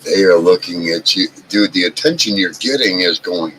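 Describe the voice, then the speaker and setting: A man with a gravelly voice, a guest in a casual chat, giving emphatic advice and repeating himself. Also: moderate pace, hardly any pauses, a bit bright, slight background noise, poor audio. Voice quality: gravelly, deep voice.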